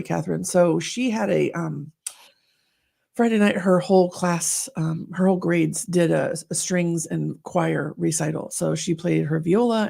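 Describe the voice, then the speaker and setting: A middle-aged woman co-hosting a podcast, chatting casually and telling lively stories, acting out what people said. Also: on the low side, creaky. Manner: chatty storyteller, acts out quotes. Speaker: podcast co-host. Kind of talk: casual chat.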